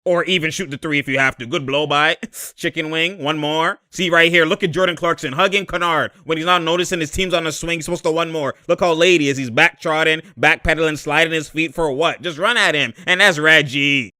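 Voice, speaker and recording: A man talks through basketball footage in a loose, animated way, laughing often and calling out to the players in street slang. His voice sits a little high and rings bright and forceful. The sound is close and dry. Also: brisk, no room sound. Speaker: basketball commentator. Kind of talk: casual game-footage breakdown.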